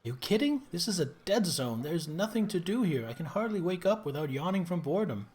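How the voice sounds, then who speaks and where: A man voicing an excitable young girl, the bored mayor's daughter, who gushes with breathless enthusiasm. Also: sits high, a little fast. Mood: gushing.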